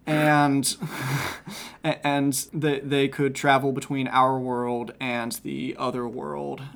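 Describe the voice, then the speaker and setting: A man of ordinary pitch talks through an old folk tale on a podcast. He rambles a bit, stopping to say um and restart his sentences, in a loose, chatty way. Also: creaky, fairly bright tone. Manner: rambling, many ums and restarts. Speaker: podcast co-host. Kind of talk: casual storytelling chat.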